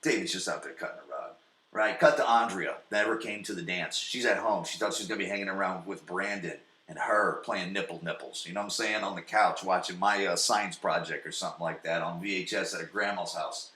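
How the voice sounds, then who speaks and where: A man hosting a podcast, recapping a TV episode in a profane, excitable way that swings between loud and soft. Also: sits low, brisk, roomy sound. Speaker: podcast host.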